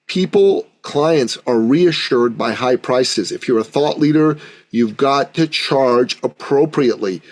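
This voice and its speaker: A man, a podcast guest and business coach, telling emphatic stories and acting out both sides of the dialogue in a conversational interview. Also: medium pitch. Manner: emphatic, acts out dialogue in anecdotes.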